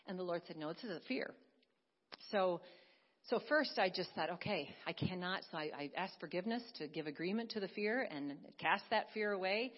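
Breathy woman preaching a heartfelt testimony. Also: on the low side, expressive, normal speed, dull audio. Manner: earnest storytelling, swings from hushed to emphatic. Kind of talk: sermon testimony.

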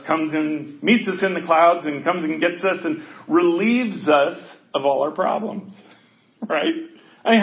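A man pastor giving an informal, conversational sermon to a congregation, often checking in with his listeners. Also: sits high. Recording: echoey, dull lo-fi recording.

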